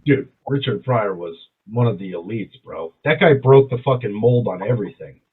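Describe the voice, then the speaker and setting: A man's voice: on the low side, expressive, moderate pace, over a noisy crowd. A man co-hosting a casual podcast chat, rambling and swearing with enthusiasm. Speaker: podcast co-host. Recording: tinny phone-like sound.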